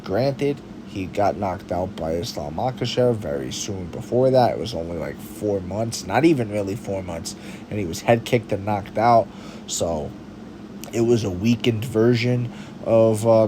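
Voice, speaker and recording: Against a noisy background, a man with a lowish, slightly slow voice hosts MMA commentary. He delivers casual, argumentative opinions on combat sports, packed with slang and rhetorical questions.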